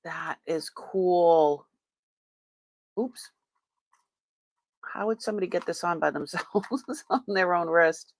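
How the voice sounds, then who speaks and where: A woman's voice: fairly low pitch, takes it slowly, long pauses, no room sound. Chatty woman hosting a live sale. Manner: chatty, exclaiming, laughing often. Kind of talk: live-stream unboxing chat.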